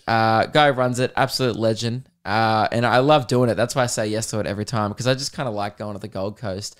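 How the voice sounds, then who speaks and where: A man's voice: mid-range voice, clear, resonant tone. A man with an Australian accent, hosting a comedy podcast and telling a rambling story while laughing. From Melbourne, Australia.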